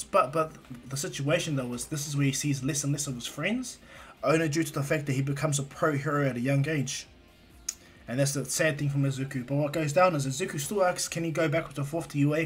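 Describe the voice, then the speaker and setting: A man's voice: fairly high pitch, husky. Rambling man retelling a story. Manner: rambling, many fillers and restarts.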